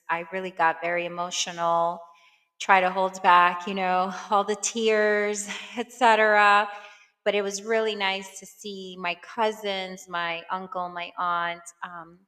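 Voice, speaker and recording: A woman's voice: fairly low pitch, pushed and bright. A middle-aged woman from Brooklyn, New York, hosting a podcast and telling a personal story casually, with lots of "you know" and acted-out quotes. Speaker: podcast host. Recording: long reverb, echoey room.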